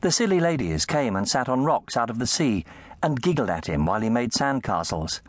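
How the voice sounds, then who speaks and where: Male storyteller, lively pitch, dry close studio sound, for a children's book. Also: brisk, no room sound. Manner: animated storytelling, shifting pitch for effect. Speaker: audiobook narrator. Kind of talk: scripted narration.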